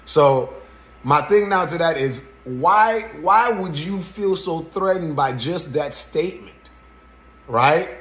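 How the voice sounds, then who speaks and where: A man hosting a podcast, giving casual reaction commentary in an animated way and often checking in with "right?". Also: fairly high pitch, slow pace. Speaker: podcast host. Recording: roomy echo.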